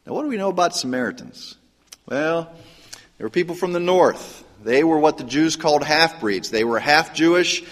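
A man preaching as a pastor, teaching in a conversational, animated way and acting out quoted lines. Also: mid-range voice. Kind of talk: sermon. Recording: long hall reverb.

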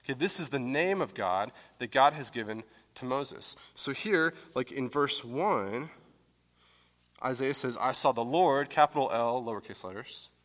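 A man's voice: mid-range voice, lively intonation, measured pace, fairly bright tone. Man preaching in a reverberant church. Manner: conversational, explanatory, with fillers. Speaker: pastor. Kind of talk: teaching sermon. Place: church sanctuary.

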